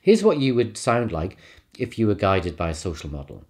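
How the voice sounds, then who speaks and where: A man's voice: lowish voice, big pitch swings, moderate pace, a little mellow. A male university lecturer giving a recorded lecture in a conversational way, with asides to the listener. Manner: conversational, with asides and short laughs.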